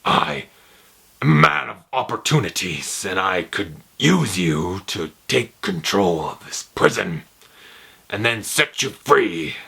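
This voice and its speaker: A menacing, calm crime boss, as a man puts him on, speaking slowly and heavily in a deep, lowered voice. Each word is measured and deliberate, with a bright, forceful edge to the tone. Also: creaky, slightly rough, heavily acted.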